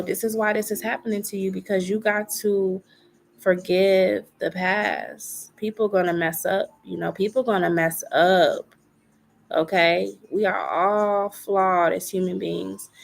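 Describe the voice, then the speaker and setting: A woman's voice: mid-range voice, gravelly. A woman giving a live tarot reading in a chatty way, repeating herself and filling gaps with little asides. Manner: chatty, repeats phrases, many fillers. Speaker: tarot reader.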